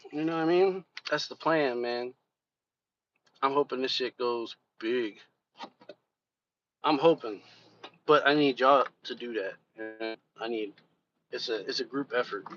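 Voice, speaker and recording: A man with a bright, fairly high voice hosts a live stream, chatting casually as a reaction channel host and rapper. His delivery is loose and rambling, aimed right at the viewers, with casual swearing throughout. Expect lo-fi, dull sound and a little background noise.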